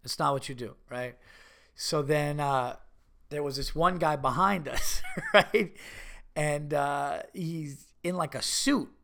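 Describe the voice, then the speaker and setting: A middle-aged man tells a long, meandering story on his podcast. His voice sits a little high, with a gravelly fry underneath. He keeps doubling back and restarting his sentences as he goes. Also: slow pace. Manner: rambling, animated, with many restarts and mock voices. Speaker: podcast host. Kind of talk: casual storytelling.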